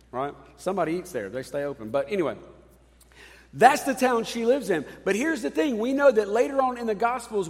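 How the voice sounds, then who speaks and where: A man in his thirties, a pastor, preaching a sermon in a conversational, animated way with casual asides. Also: on the high side, in a large hall.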